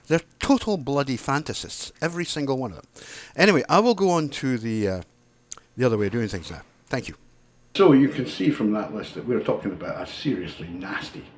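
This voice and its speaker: A man's voice: medium pitch, slightly rough. A man, delivering an angry, heated monologue to camera, sarcastic and swearing freely. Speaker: video blogger.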